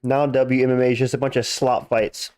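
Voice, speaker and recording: A man's voice: medium pitch, little pitch movement, a little fast, a little mellow, clean tone, no room sound. A man live-streaming fights, chatting casually, reading out chat questions and answering them bluntly with crude jokes. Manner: blunt, joking, crude and dismissive.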